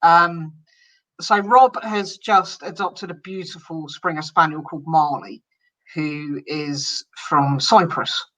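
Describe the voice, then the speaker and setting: Bright-voiced interview host. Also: mid-range voice, steady tone, takes it slowly, rough recording. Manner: friendly, encouraging, laughs easily. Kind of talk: interview host reading listener questions.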